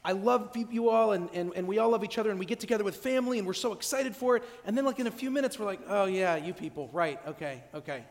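High-voiced man preaching in a reverberant church. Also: racing, few pauses. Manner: humorous, animated, with frequent restarts. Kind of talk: conversational sermon. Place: church during an evening service.

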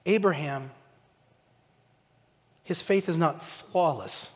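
A male pastor giving a conversational, animated sermon, asking his listeners direct questions. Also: a little high, slow, in a large hall.

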